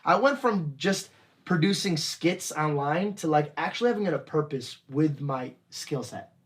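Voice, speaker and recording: Animated comedian man on a podcast. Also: a little high, unhurried. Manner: animated, puts on voices for people in his stories. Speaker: comedian guest. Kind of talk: storytelling podcast chat.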